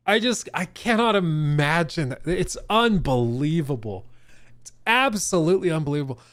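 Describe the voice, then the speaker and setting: A man's voice: fairly high pitch, moderate pace, no room sound. A man streaming live, reacting to clips with incredulous, laughing, casual commentary. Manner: animated and incredulous, laughs often, says "dude".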